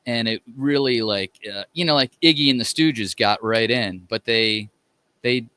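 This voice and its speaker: A male musician guest chatting casually, rambling through his stories with many fillers. His voice is bright and smooth. The recording is dry and close. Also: mid-range voice, moderate pace, no room sound. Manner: rambling, with many fillers and restarts, laughs often. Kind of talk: casual chat.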